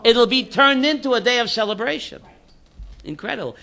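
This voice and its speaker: Rabbi leading a class. Man, high and bright, animated storyteller who acts out his jokes. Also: fairly quick, vocal fry. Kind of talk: informal Torah class with jokes.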